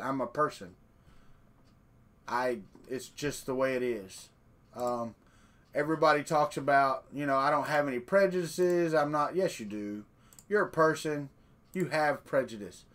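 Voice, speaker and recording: A man's voice: mid-range voice, fairly bright tone. A man hosting a live stream, chatting casually in a folksy, rambling way. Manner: folksy, rambling, talks off the cuff.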